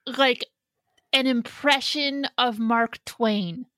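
A woman's voice: on the high side, steady tone, drawn-out words, a bit bright, dry recording. A woman co-hosting a podcast in casual chat, wry and full of questions. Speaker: podcast co-host.

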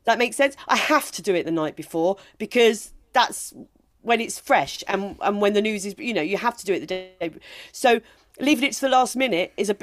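A woman comedian chats as a podcast guest, making her points with emphatic, animated delivery. Her voice sits at an ordinary middle pitch. The talk is loose and conversational. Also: moderate pace. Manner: emphatic, animated storytelling with laughs.

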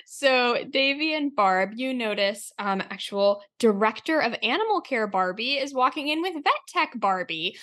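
A woman game master narrating a tabletop role-play. Her voice sits fairly high and her talk is loose, with plenty of ums. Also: expressive, moderate pace, hardly any pauses, fairly bright tone.

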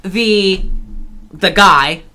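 Bright-voiced woman rambling on a podcast. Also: mid-range voice, very slow. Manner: rambling, restarts, laughs often. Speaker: podcast co-host. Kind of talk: casual chat recapping a film.

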